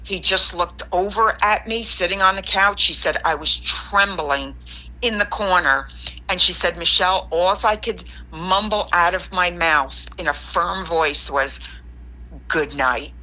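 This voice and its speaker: Lively storyteller woman on a dull line. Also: lowish voice, measured pace. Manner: animated storytelling, quoting her friend in lively asides. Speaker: guest caller. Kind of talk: telling a paranormal story.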